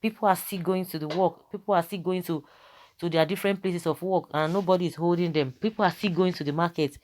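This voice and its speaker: A man's voice: high voice, steady tone, fast, darkish tone, slight background noise. Emphatic Nigerian man commenting. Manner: switches between Pidgin and English, emphatic. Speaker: online commentator. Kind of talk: commentary reading viewer comments.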